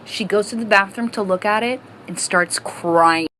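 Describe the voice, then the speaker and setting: A woman telling a funny story in a lively way, acting out the voices in it. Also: medium pitch, moderate pace, slight background noise, rough recording. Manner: animated, acts out voices. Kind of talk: casual storytime.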